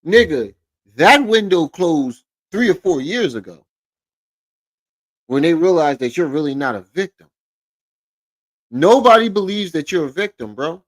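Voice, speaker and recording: A man's voice: fairly high pitch, very animated, a little slow, pauses often, poor audio. Guy streaming, sarcastic and cussing, reacting to a clip. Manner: profane, laughing, sarcastic. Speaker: streamer host. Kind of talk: casual reaction commentary.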